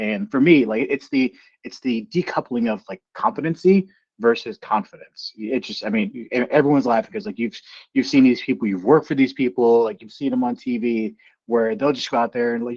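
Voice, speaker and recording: A man working as a solution engineer, telling stories in a casual panel chat and acting out the people he quotes with big jumps in pitch. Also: brisk, slightly rough. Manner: animated storytelling, voices quotes with pitch jumps. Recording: lo-fi video call audio.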